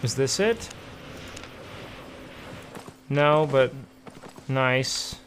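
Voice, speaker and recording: A man's voice: medium pitch, expressive, extremely slow, fairly bright tone, a little hiss or hum. A young man streaming a game, chatting to viewers casually with profane, playful trash talk. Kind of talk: casual gameplay commentary.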